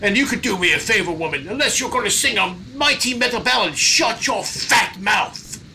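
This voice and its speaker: A brash, crude little adventurer, played by a man in a tabletop game, with a high, bright and edgy voice. He snaps at people bluntly and sounds sure of himself. A faint hiss runs under it. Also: animated, normal speed, creaky, heavily acted, low-quality recording. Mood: gruff. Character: gruff, rude small male adventurer.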